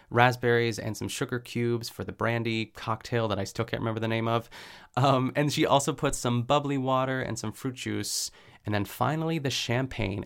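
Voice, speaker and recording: A man hosting a podcast, chatting casually and rambling with lots of "like" fillers and quick laughs as he recaps a cooking show. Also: mid-range voice, gravelly, fairly bright tone, smooth. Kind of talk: casual chat.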